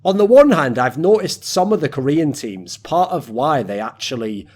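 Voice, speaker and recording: A man's voice: on the high side, very animated, normal speed, a little mellow. A British man hosting a casual podcast, bantering in a teasing, rambling, profane way. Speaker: podcast host.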